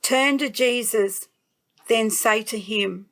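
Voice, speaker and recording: An Australian woman telling a Bible story to children, her delivery unhurried and gentle with clear emphasis. Her voice sits a little high, and she takes her time over every phrase. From New South Wales, Australia. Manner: gentle, slow, warmly emphatic. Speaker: guest storyteller.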